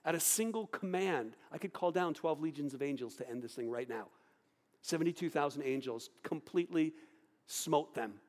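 A man preaching a sermon, swinging between loud outbursts and hushed, low delivery. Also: moderate pace. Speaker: pastor. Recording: long hall reverb.

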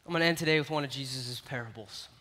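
A man preaching a sermon, telling a parable with lively, animated storytelling that swings between loud and quiet. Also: medium pitch, fast. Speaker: youth pastor. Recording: long reverb of a large hall.

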